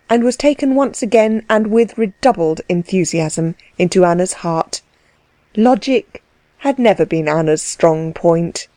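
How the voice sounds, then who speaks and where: A woman narrates a classic novel in a measured, unhurried way. Her voice is mellow and soft-edged, recorded close and dry. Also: mid-range voice, no room sound. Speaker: audiobook reader. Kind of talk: scripted narration.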